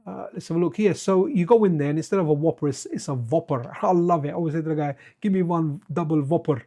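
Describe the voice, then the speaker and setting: A man's voice: on the high side, racing, vocal fry, dark tone. A man chatting casually to his viewers on a live stream while playing retro games, wandering off into side stories and addressing chat by name.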